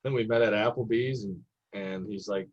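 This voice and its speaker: Husky-voiced man telling lively stories. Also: fairly low pitch, moderate pace. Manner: animated storyteller who acts out the people he quotes. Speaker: assistant basketball coach, guest. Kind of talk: storytelling in a casual podcast interview. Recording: dull lo-fi podcast audio.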